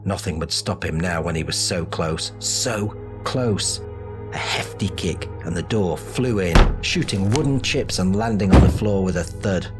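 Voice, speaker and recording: A man giving dramatic, measured narration of a fantasy audiobook. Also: low voice, loud music behind the voice.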